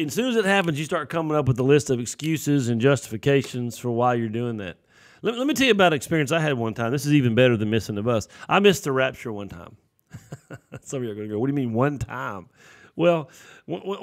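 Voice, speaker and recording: A middle-aged man, preaching in a folksy, storytelling way and acting out voices from his stories. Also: on the high side. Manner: folksy, animated, acts out voices. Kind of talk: sermon storytelling.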